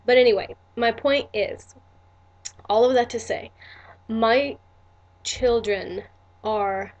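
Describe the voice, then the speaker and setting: A woman's voice: on the high side, slow, a little mellow, dull audio. A woman, telling a personal story in a candid, earnest vlog with many restarts and asides. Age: 40s. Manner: earnest and emotional. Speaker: vlogger.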